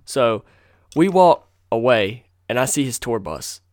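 Young adult male podcast host, mid-range voice, excitable rambler who swears freely, recorded dry and close at home. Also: mid-range voice, unhurried, no room sound. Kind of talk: casual storytelling podcast. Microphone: desk microphone on a box.

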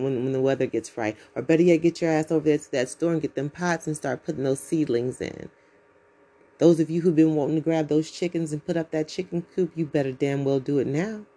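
A woman's voice: deep voice, dark tone. A woman from the United States, hosting her own podcast in a blunt, profane, preachy monologue. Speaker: podcast host.

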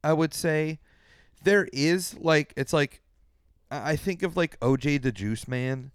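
A man's voice: a little high, unhurried, smooth, dry recording, clean studio sound. A young man on a casual podcast, rambling with hesitant fillers and mocking asides. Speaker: podcast co-host.

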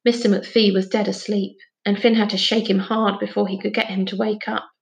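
A woman calmly narrating a children's novel aloud. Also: medium pitch, brisk, gravelly, muffled recording. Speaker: storybook reader.

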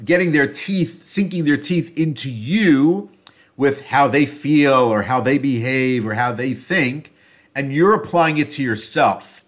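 A man with a medium-pitched voice gives a reflective solo talk on a self-help topic, thinking aloud. His phrasing is loose, with fillers and restarts, and his loudness rises and falls.

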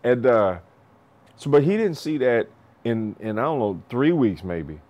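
A man's voice: mid-range voice, moderate pace. A man coaching boxing, chatting casually about his students, swearing freely and laughing often. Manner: animated, laughs often, acts out other people's lines; swears freely, loose restarts. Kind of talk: casual storytelling podcast talk.

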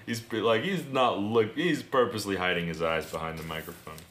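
A man's voice: lowish voice, brisk, a bit bright. A man co-hosting a podcast, chatting casually with crude jokes and frequent laughs. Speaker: podcast co-host. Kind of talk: casual chat. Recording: echoey room, faint noise.

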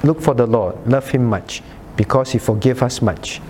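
A man's voice: mid-range voice, moderate pace, darkish tone, slight background noise. A man pastor leading a Bible study in sermon style, often asking "right?" and calling on listeners by name. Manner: rhetorical "right?" checks.

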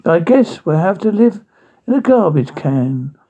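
Dopey, lazy pig brothers, put on by a man, whiny and pitched up with a husky tone. They drawl their rhymes with dim-witted slowness. The take is dull and lo-fi. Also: sing-song, mellow, full character voice.

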